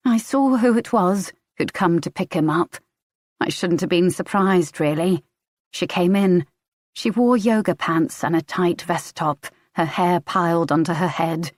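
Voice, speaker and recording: A woman's voice: on the low side, moderate pace, no room sound, clean studio sound. A woman reading a first-person audiobook in a tense, emotional way. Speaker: audiobook narrator.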